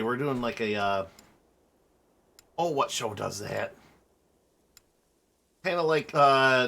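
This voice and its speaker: A man's voice: mid-range voice, a bit bright. A man giving casual let's-play commentary, joking and laughing often at himself. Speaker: streamer playing a game.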